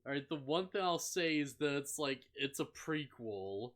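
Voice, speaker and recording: A young man with a fairly high, somewhat bright voice speaks animatedly at normal speed while co-hosting a casual podcast about an anime. His recap is rambling and packed with "like" fillers, with frequent laughs and mock voices for the characters.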